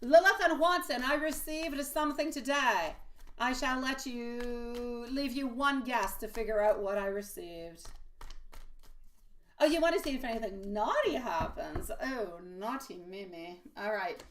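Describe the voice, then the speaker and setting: A woman's voice: a little high, a little hiss or hum. Chatty woman reading tarot, off-mic. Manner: chatty and affectionate, calls viewers pet names; laughs often, quick asides. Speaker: tarot reader hosting a live stream. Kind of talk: live-stream tarot reading, chatting with viewers. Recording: voice a bit distant from the mic.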